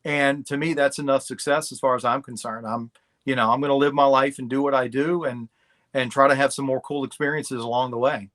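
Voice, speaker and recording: A man's voice: mid-range voice, steady tone, fairly quick, a bit bright. A middle-aged man talking candidly and bluntly as a guest in a casual interview. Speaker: podcast guest.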